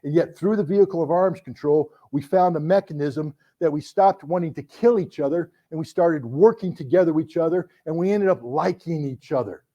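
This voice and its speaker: Over lo-fi sound, a middle-aged author from the U.S. animatedly recounts stories at a book talk and acts out the people he quotes. His voice is fairly high, and he talks fairly quickly with few pauses.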